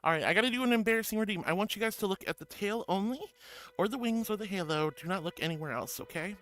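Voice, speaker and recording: A woman's voice: mid-range voice, fast, a bit bright. A woman VTuber streamer chatting casually and affectionately with viewers, bubbly and self-deprecating, with a stuffy nose from allergies. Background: background music.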